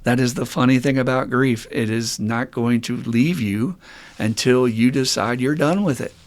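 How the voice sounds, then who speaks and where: A middle-aged man hosts a podcast as a therapist, speaking at normal speed in a casual monologue that's candid, blunt, and sprinkled with swearing. He grows loud and animated when making a point, and his voice rises loud and high when he mimics people.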